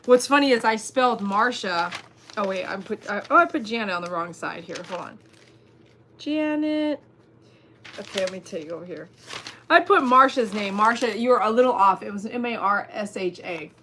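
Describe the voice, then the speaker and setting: A woman hosting a casual livestream, chatting and reading viewers' comments aloud, animated and laughing often. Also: medium pitch, moderate pace, a little hiss or hum. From Texas. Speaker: livestream host.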